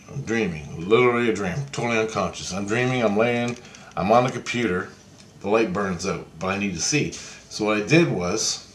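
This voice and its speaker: A man's voice: lowish voice, slight background noise. A man casually telling a long story in a rambling, repetitive way, swearing freely. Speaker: vlogger. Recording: echoey room.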